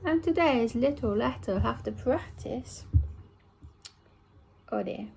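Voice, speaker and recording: Slow, effortful English woman reciting words. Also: fairly high pitch, expressive, vocal fry, background noise. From England. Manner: slow, effortful, deliberate word-by-word articulation. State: relearning speech after a brain injury. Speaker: vlogger recording speech practice. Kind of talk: reading a word list aloud for speech practice.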